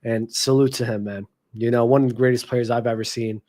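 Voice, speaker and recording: Male sports talk host, casual and heated, speaks straight to his audience in slang, mid-pitched voice. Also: steady tone, fairly quick, darkish tone. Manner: passionate, addresses viewers directly with slang. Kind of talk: casual basketball commentary vlog.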